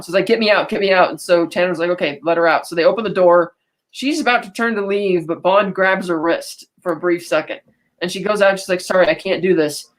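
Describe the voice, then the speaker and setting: A woman co-hosting a podcast, casually recapping a film and quoting characters in quick asides. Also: lowish voice. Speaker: podcast co-host.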